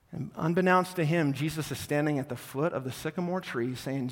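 Pastor preaching in a reverberant sanctuary. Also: male voice, normal speed, hardly any pauses. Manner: storytelling, falls soft and low when inviting. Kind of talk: sermon. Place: church sanctuary. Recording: long hall reverb.

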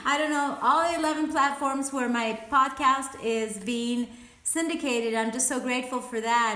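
High-pitched woman host, winded from working out, pep-talking herself, roomy echo. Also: fairly bright tone. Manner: upbeat, self-coaching, encouraging. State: out of breath. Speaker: podcast host. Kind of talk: casual motivational chat while exercising.

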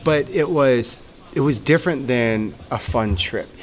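Young male coach, mid-pitched, fervent and profane, casual podcast talk in a gym. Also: unhurried. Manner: fervent, swears freely, repeats words when worked up.

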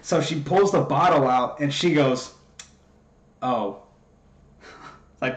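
A man telling a story in casual chat, profane and animated, acting out what everyone said. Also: medium pitch, slow, reverberant. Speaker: podcast co-host.

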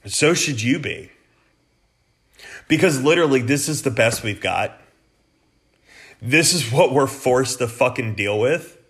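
A man's voice: mid-range voice, animated, measured pace, pauses often, a bit bright. A man hosting a political podcast, delivering an angry, profane rant in a blunt, heated way. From United States.

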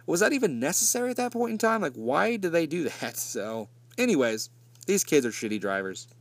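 A man's voice: fairly high pitch, big pitch swings, fairly quick, no room sound. A man recapping a bad movie in a casual, profane way, full of sarcastic asides and mockery. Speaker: movie reviewer.

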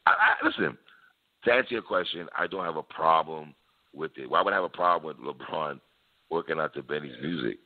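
A man's voice: a bass voice, very animated, a little fast. A man in casual hip-hop debate chat, laid-back and slangy, who laughs often and repeats his phrases. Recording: tinny phone-like sound.

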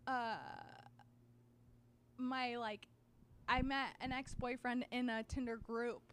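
A woman's voice: a little high, little pitch movement, takes it slowly, fairly bright tone. A young woman chatting casually on a podcast, rambling and hesitant, with many fillers and restarts. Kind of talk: casual chat.

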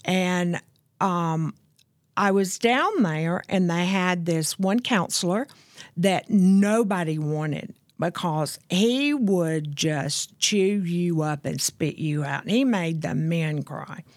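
A woman with a fairly low voice tells her recovery story as a guest, candid and earnest. She slows down to lean on the moments that matter. The sound is dry and close, with no room around it. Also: dry recording. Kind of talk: personal testimony in conversation.

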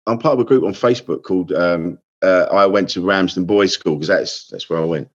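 Chatty comedian, lo-fi sound. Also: male voice, sits low, brisk. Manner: chatty, storytelling, self-deprecating. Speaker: comedian guest. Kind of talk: casual podcast chat.

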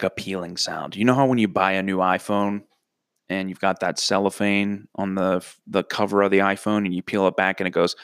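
A man's voice: sits low, a bit bright, dry recording, clean studio sound. A young man telling a profane, rambling comic story with self-mocking asides. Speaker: comedic storyteller. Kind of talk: crude comedic storytelling.

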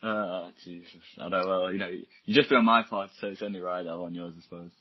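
A man's voice: low voice, fairly even intonation, fast talker, slightly rough. A man chatting casually as a podcast guest in a laid-back way. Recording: dull lo-fi sound.

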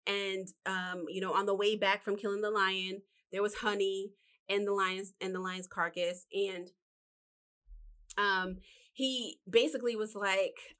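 A woman's voice: medium pitch, steady tone, measured pace, a bit bright. A woman telling a Bible story in a loose, chatty monologue filled with fillers and asides, recorded indoors. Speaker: vlogger retelling a Bible story.

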